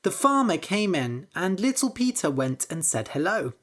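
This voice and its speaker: A woman narrating a simple story for English learners, clear and deliberate. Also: lowish voice, very animated. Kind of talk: slow scripted story narration.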